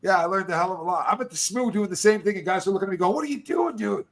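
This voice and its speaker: A man's voice: sits high, steady tone, racing, a crowd in the background. A middle-aged man telling stories in loose, casual chat, swearing and calling people dude and bro.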